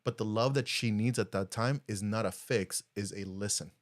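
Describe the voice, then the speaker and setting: A podcast co-host with a voice on the low side talks at a moderate pace in a relaxed chat. His storytelling is lively, and he performs the quotes he relates.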